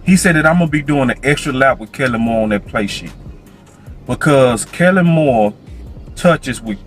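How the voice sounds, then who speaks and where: Animated, slangy sports commentator. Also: male voice, medium pitch, moderate pace, soft background music. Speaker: sports commentator in a played clip. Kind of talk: video commentary.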